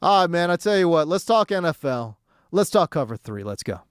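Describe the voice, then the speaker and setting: A man's voice: on the high side, sing-song, fairly quick, very noisy. A man in his thirties with an American accent, hosting a sports radio show and ranting in a casual, slangy, exasperated way. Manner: slangy and exasperated, says bro, dude, dog. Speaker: radio sports talk host. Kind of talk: casual opinion rant. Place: radio studio.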